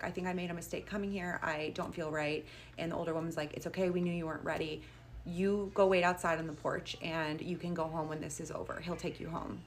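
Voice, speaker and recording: A woman's voice: deep voice, a little hiss or hum. A young woman casually telling a storytime tale, chatty and full of "like" as she quotes each person. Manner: chatty, quoting people with "like".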